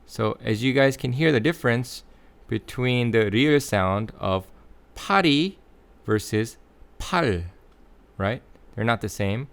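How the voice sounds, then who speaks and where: A man teaching English pronunciation in a clear, deliberate lesson, slowly stressing the example words. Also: mid-range voice, heavy reverb. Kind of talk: scripted lesson.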